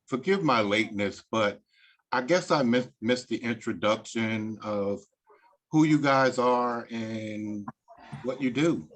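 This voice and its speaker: Brief: man, slow lively delivery, bright voice, apologetic late joiner. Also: mid-range voice. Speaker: late webinar attendee. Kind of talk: casual webinar chat.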